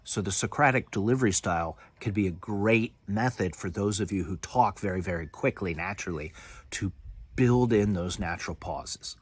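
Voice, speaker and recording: A man teaching as a corporate trainer, talking to the camera and stressing key words with deliberate pauses. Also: sits low, breathy edge, dry recording. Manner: emphatic, varies volume and pauses for effect. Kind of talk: instructional talk to camera.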